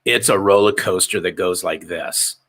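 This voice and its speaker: A sales author in his fifties speaks as an interview guest. His voice sits low yet sounds bright and forceful. He drives his points with emphatic repetition. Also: normal speed, vocal fry. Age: 50s. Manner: emphatic, repeats phrases for effect. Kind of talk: storytelling interview answers.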